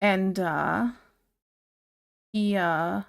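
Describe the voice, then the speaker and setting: A woman's voice: medium pitch, drawn-out words, vocal fry, dry recording, studio quality. A woman from Ohio streaming while she draws, chatting casually and rambling as she answers her live chat and gets sidetracked.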